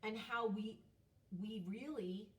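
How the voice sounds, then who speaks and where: A woman's voice: on the high side, slow, far from the mic. A woman hosting a casual vlog, telling a story in a chatty, emphatic way with some casual swearing. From United States. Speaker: host. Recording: echoey room, voice off-mic.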